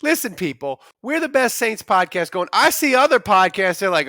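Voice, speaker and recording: Animated high-voiced male podcast host. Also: moderate pace, dry recording, clean studio sound. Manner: animated, joking. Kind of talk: casual chat.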